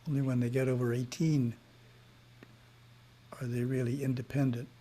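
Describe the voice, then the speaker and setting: A man giving a spiritual lesson in a webinar, reading in a measured way with short asides, heard over a video call. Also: mid-range voice, level tone, mellow, a little hiss or hum. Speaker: spiritual teacher.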